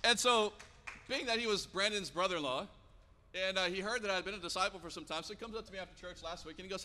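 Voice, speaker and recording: Man, 30s, pastor, sermon, animated storyteller, bright tone, raised pitch, long church reverb. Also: rapid-fire. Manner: animated storytelling, acting out quotes. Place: church sanctuary.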